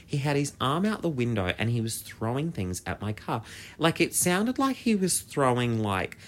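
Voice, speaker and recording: An Australian man hosting a podcast, telling a story in a chatty, animated way, swearing and filling with "like". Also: mid-range voice. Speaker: podcast host. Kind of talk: casual storytelling monologue.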